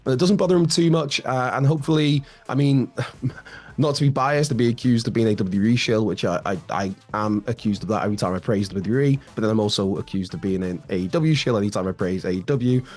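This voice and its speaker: A man with a slightly raspy voice hosting wrestling news in a casual, chatty way, full of fillers and restarts. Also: lowish voice, brisk, a little mellow, soft background music.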